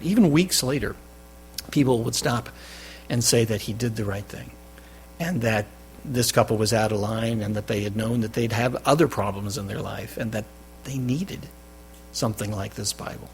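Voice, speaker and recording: A man preaching a sermon as pastor, with loud stressed phrases that drop to quiet endings. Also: mid-range voice, moderate pace, slight background noise. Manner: emphatic, swinging between loud stresses and quiet drops. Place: church.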